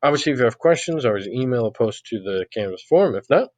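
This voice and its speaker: A man's voice: medium pitch, expressive, fast talker, darkish tone, no room sound. A male literature lecturer giving a recorded online lecture, speaking conversationally with frequent "you know" fillers.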